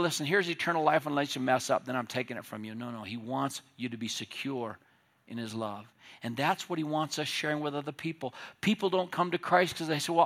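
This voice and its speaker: Man preaching, fairly high and bright, gets loud then goes real quiet. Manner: impassioned preaching, swinging from loud emphatic peaks to low hushed asides. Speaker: pastor. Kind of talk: sermon.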